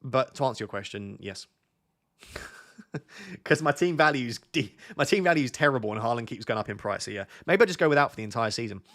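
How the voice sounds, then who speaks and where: A man's voice: medium pitch, lively intonation, fairly quick, a bit bright. A young man, chatting casually with viewers on a live stream, joking and thinking aloud as he reads their comments.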